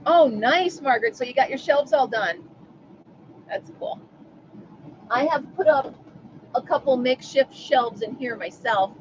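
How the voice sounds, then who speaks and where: A woman's voice: on the high side, highs cut off, a little hiss or hum. A woman hosting a casual live stream from home, chatting and answering viewers by name. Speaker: livestream host.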